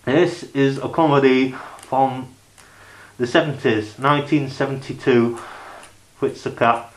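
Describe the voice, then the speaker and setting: A man talks loosely through his DVD shelf in a casual review vlog, his voice sitting at an ordinary middle pitch. He wanders between thoughts and leans on "you know" and "like" fillers. The room around him rings with echo. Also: steady tone, measured pace. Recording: echoey room.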